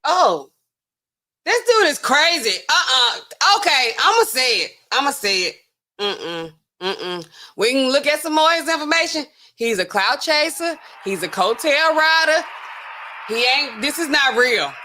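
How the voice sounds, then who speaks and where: Her voice turns high and sharp-toned, animated but measured in pace. As the pharmacist streamer, she chats with viewers sassily and laughs in disbelief at what she reads.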